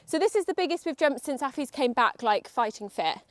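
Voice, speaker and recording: In a high, expressive voice at a brisk pace, with no echo, a young woman chats nervously to her horse and her viewers while riding and vlogging in an outdoor arena.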